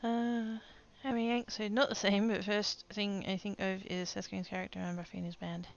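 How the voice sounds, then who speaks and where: An Australian woman chatting casually on a livestream while she crafts, rambling and often trailing off into quiet asides. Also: medium pitch, little pitch movement, moderate pace, creaky, lo-fi sound. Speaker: streamer.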